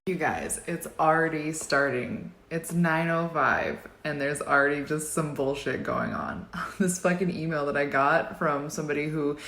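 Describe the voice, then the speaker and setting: Twenty-something woman ranting and swearing into her phone, lowish voice. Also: moderate pace, gravelly, a bit bright. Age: 20s. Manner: profane, exasperated ranting. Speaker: vlogger. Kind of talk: casual selfie video chat.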